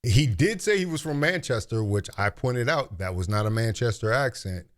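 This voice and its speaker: Fel betogende Amerikaanse commentator, man. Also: medium pitch. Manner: pointed, rhetorical, lecturing. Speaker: commentary host. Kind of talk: argumentative commentary.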